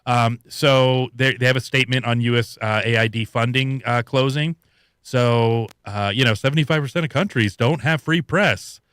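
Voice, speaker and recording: Bright-voiced guy rambling on a podcast, swears a lot, dry close sound. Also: medium pitch, steady tone, normal speed, clean tone, no room sound. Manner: rambling, swears, laughs often. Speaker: podcast co-host. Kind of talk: casual chat reacting to news clips.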